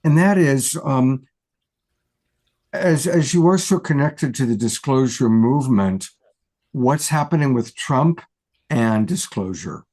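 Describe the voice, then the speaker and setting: A man's voice: medium pitch, lively intonation, slow, darkish tone. Casual man hosting with fillers. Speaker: talk show host and coach. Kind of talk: hosting a live talk show.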